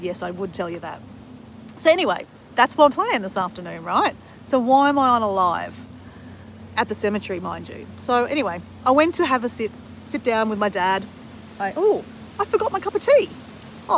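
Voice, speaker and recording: A woman's voice: medium pitch, slight background noise, low-quality recording. A middle-aged woman talking casually to a live stream on her phone outdoors, rambling and adding "right?" often. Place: outdoors at a bushland cemetery.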